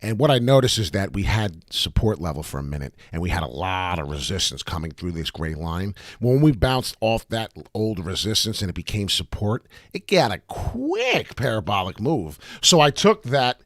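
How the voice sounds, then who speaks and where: A man's voice: fairly low pitch, moderate pace, few pauses, dry recording, clean studio sound. A man hosting a casual crypto trading walkthrough, swearing and throwing out hype catchphrases as he goes over charts. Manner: animated, profane, hype catchphrases. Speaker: crypto trading channel host.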